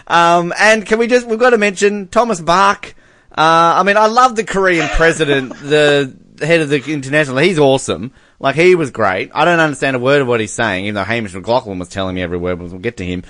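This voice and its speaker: A man hosting a casual chat, joking around and interrupting in an animated way. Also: a little high, fairly quick, no echo, clean studio sound.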